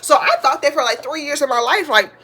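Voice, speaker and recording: A woman in her twenties hosting a podcast, telling a funny story in a chatty, slangy way, sometimes breaking into loud shouted praise. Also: high voice, animated, quick pace. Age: 20s. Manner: slangy, chatty, addresses listeners as y'all. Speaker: podcast host. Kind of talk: casual storytelling to listeners.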